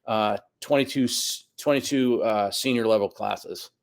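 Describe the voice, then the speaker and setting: A man's voice: fairly low pitch, unhurried. A man in his fifties telling a long personal story as a guest on a podcast, acting out the voices of the people he quotes. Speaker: guest soccer coach. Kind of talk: casual storytelling interview.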